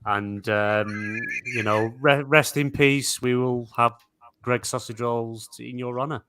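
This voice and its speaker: A man's voice: medium pitch, steady tone, measured pace, bright, forceful tone, no echo. A man co-hosting a gaming podcast, delivering mock-solemn jokes. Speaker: podcast co-host. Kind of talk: casual podcast chat.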